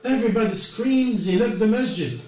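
High-voiced preacher in an echoey hall. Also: male voice, moderate pace, a little mellow. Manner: earnest, non-native English with plain grammar slips. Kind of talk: sermon. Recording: echoey distant room recording with mains hum.

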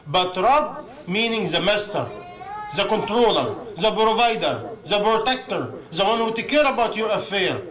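Man, sermon, non-native English, somewhat high voice, emphatic, lists and rhetorical questions. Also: lively intonation, moderate pace, poor audio. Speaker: preacher.

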